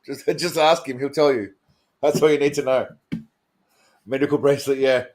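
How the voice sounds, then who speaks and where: A man's voice: mid-range voice, steady tone, moderate pace, a little mellow. A man hosting a casual comedy stream, crude and mocking, laughing often and talking to his chat. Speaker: stream host.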